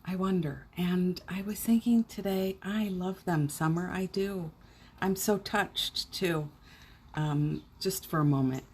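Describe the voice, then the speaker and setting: A woman's voice: fairly low pitch, slow, darkish tone, slight background noise. A middle-aged woman hosting a casual morning live stream from home, cheerfully greeting viewers by name and chatting. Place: home indoors.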